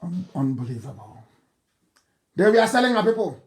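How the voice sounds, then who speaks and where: Speaking in a sing-song manner at a moderate pace, a Nigerian-accented political leader delivers a heated broadcast, his pitch rising and falling sharply. He scolds and ridicules critics, driving each insult and point home through repetition. Between points, he lets out mocking laughter.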